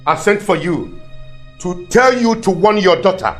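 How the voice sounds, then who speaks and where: A man's voice: high voice, animated, measured pace, a bit bright, soft background music. An actor with a Nigerian accent playing a stern king who warns and threatens a subject in a commanding way. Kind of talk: Nollywood drama acting.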